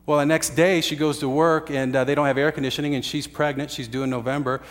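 A man's voice: a little high, little pitch movement, fast, a bit bright, long reverb tail. A man preaching a sermon, telling a story earnestly with uhs and restarts. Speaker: pastor.

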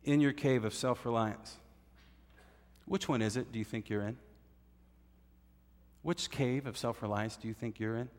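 A man's voice: mid-range voice, normal speed, pauses often. Man preaching in a reverberant hall. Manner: emphatic teaching, has listeners write points down. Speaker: pastor. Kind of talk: sermon.

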